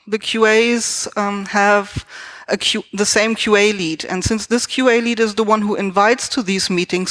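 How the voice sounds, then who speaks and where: Woman giving a conference talk on software team practices, mid-pitched voice, relaxed and explanatory, thinks aloud as she talks. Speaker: software quality assurance specialist. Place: Berlin company.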